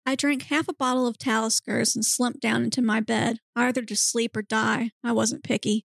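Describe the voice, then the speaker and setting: A woman hosting a podcast, reading a comic erotic story aloud in a steady, deadpan manner. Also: fairly high pitch, moderate pace, creaky, no room sound, clean studio sound. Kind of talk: dramatic reading of erotic fiction.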